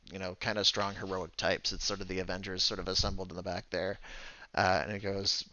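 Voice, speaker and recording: A man's voice: low-pitched, bright, forceful tone, no room sound, highs cut off. A man narrating a tabletop game as game master, chatty and full of stammered restarts.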